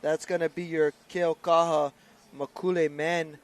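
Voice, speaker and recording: A man's voice: on the high side, little pitch movement, measured pace. A man doing upbeat live commentary on a canoe race, announcing lanes and crews.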